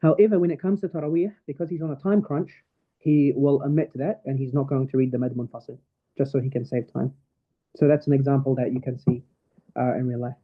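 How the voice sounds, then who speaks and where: A man's voice: medium pitch, steady tone, a little fast. Tinny-sounding man teaching recitation. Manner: patient, explains step by step, recites verses in Arabic. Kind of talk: online tajweed class. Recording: tinny phone-like call audio.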